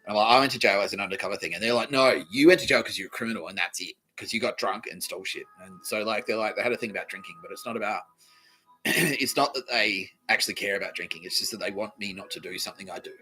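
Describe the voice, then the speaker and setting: A man's voice: lowish voice, fast talker, faint music behind, poor audio. Rambling, sweary man. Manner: swearing, animated, acts out quoted voices. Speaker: podcast host. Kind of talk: rambling comedic monologue.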